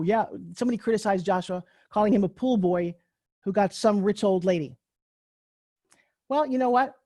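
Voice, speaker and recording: A woman in her sixties giving a live online class as a pitch coach, in a chatty, joking, candid storytelling way over a video call. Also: a little mellow, no echo, studio quality. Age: 60s.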